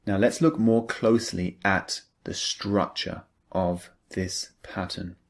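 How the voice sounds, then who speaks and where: Slow, low-voiced male English teacher. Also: fairly even intonation, gravelly. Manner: slow, patient, explains each example step by step. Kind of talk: scripted lesson narration.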